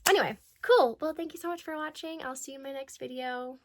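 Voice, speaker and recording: A woman's voice: high voice, fast talker, a little hiss or hum. A woman vlogger chatting casually and rambling as she gets ready for an event. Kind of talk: casual get-ready-with-me chat.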